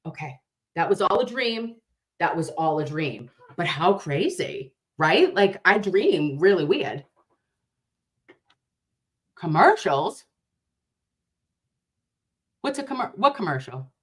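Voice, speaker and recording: A woman hosts a casual livestream, talking straight to her viewers. Her storytelling is rambling, animated and full of swearing. She sounds loose and unscripted. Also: lowish voice, slow pace, pauses often. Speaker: livestream host.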